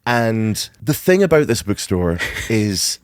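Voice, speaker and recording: Man, young adult, podcast co-host, comic storyteller, lively pitch, laughs through stories, dry close sound. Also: slow pace, smooth, no echo. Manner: animated, laughs through his own story. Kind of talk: comedic storytelling chat.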